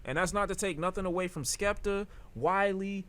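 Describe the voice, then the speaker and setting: Man, bright tense voice, casual reaction stream, heated profane rant. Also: high voice, moderate pace. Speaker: streamer reacting to rap news.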